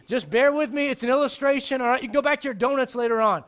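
A pastor preaches a sermon in church with humor and animation, dropping into quiet asides and then rising to shouts. His pitch is extremely high, and he moves at a quick pace with hardly any pauses.

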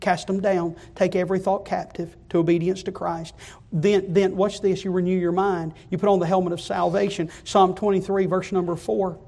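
High-voiced fervent preacher. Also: male voice, level tone, moderate pace, gravelly. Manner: fervent, rising to loud repeated climaxes. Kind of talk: sermon.

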